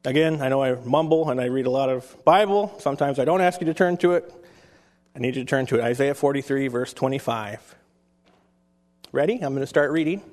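A man's voice: mid-range voice, a little fast, darkish tone, long reverb tail. A man preaching a sermon to his congregation in an easy, conversational way, reading Bible passages aloud between remarks. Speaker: pastor.

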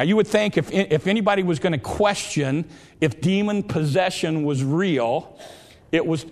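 Man, sermon, earnest, repeats and restarts phrases, slightly high voice, long echoing reverb. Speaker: preacher.

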